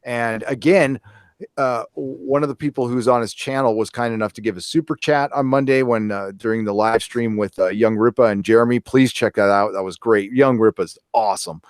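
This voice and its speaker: A man's voice: medium pitch, normal speed, smooth, dry recording, clean studio sound. A middle-aged man co-hosting a casual live stream, rambling and repeating his key words for emphasis. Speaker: co-host reading viewer super chats.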